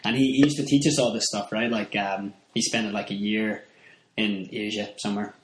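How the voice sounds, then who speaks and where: A man's voice: lowish voice, steady tone, moderate pace, a little hiss or hum. A man with a Northern Irish accent telling stories in casual chat, rambling with many fillers. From Northern Ireland. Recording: echoey room.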